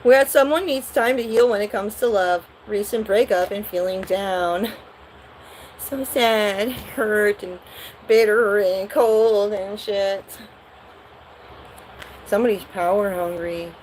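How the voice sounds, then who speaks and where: A woman's voice: medium pitch, slow pace, a little mellow, slight background noise, rough recording. A woman doing a live tarot reading, talking bluntly and profanely in a rambling way. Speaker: tarot reader.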